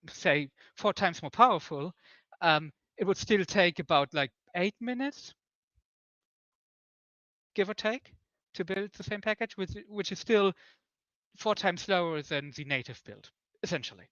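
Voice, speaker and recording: A man with a fairly high voice talks through build servers in a halting way, full of "um"s and restarts. His voice sounds dry, with no room around it, and the call audio is dull and lo-fi. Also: expressive, bright, forceful tone, dry recording. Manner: hesitant, many fillers and restarts. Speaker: developer on a conference call. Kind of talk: technical discussion.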